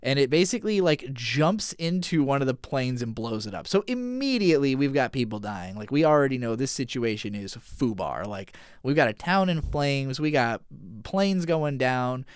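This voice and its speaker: A man's voice: medium pitch, lively intonation, smooth, no echo, studio quality. A man hosting an anime podcast, casually recapping and analyzing an episode in a conversational, occasionally profane way. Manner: casual, profane, retells scenes with quick paraphrased dialogue.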